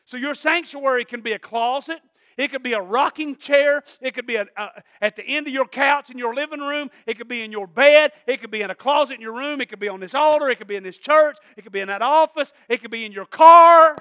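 A man preaching a sermon in a church, asking "Amen?" again and again and swinging from quiet asides to loud emphatic peaks. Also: extremely high pitch, fast, no room sound, clean studio sound. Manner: call-and-response preaching, repeated "Amen?". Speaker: pastor.

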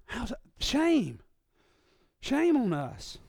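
A male pastor preaching a sermon, swinging between loud shouts and low murmurs and putting on his listeners' voices. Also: expressive, moderate pace, dry recording, clean studio sound.

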